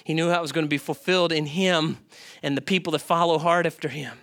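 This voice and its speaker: Bright animated preaching man. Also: on the high side, fast talker. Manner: animated, asks the congregation questions. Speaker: pastor. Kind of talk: sermon.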